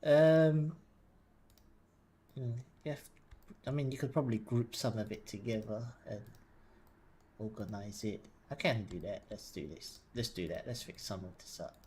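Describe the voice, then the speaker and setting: Male streamer, quiet and mumbly, hesitant, thinks aloud, sits back from the desk mic. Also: on the low side, a little slow, slight background noise. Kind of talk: casual live-stream commentary while working. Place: home desk. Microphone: desk mic, sometimes leaning back from it.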